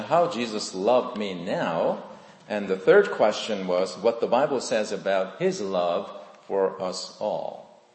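A male pastor delivers a sermon in a very lively voice that rises and falls widely in pitch. He moves between loud, emphatic lines and soft, hushed ones. His voice rings through a big, reverberant hall with a long, roomy echo.

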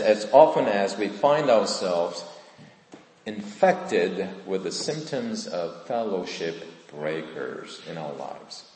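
A man preaching a sermon in church, earnest and deliberate, with emphatic rises on key points. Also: on the low side, darkish tone. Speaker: pastor. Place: church sanctuary. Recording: echoey church hall.

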